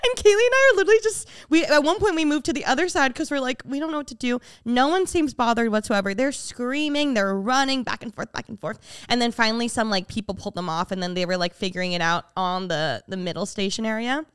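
Talking fast with hardly any pauses, a young woman co-hosting a podcast tells a story casually and acts out the quotes, her pitch jumping dramatically. Her tone is clean, in clean studio sound with no room sound.

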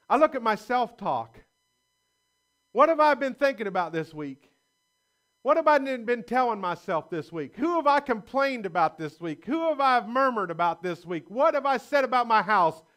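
Male pastor, bright high voice, folksy storytelling sermon delivery. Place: church sanctuary.

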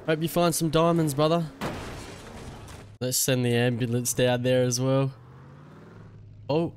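A man's voice: medium pitch, moderate pace, slight background noise. A young man trolling other players with cheeky, mocking commentary over game voice chat. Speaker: gaming YouTuber.

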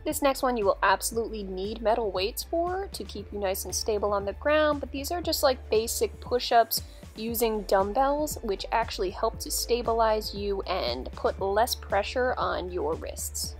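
A young woman with a voice a little on the high side explains a dumbbell routine in a chatty, upbeat voice-over. She keeps it instructive but friendly, like talking to her followers, while faint music plays underneath. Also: lively intonation, moderate pace. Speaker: fitness vlogger.

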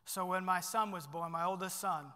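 Bright-voiced preaching man in a reverberant hall. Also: high voice, normal speed, smooth. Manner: animated preaching, swinging between loud and hushed. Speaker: pastor. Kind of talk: sermon.

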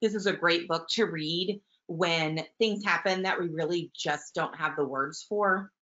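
A woman teaching early childhood, talking warmly about picture books and reading them aloud. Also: lowish voice, a little slow. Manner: warm, gentle, enthusiastic teacher, with soft fillers. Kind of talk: webinar talk with book read-alouds. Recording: muffled webinar audio.

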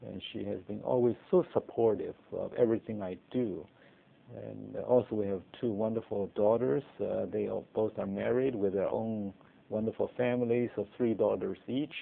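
A man, speaking in a measured interview with frequent pauses and fillers. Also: fairly low pitch, fairly even intonation, creaky. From China. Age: 70s. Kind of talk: interview reflection. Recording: tinny phone-like sound.

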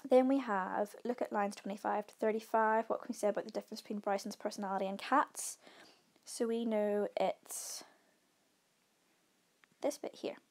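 A woman's voice: mid-range voice, steady tone, normal speed, darkish tone. A woman teacher talking through exam answers, explaining patiently, with frequent ums and short readings from the text. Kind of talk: exam revision walkthrough.

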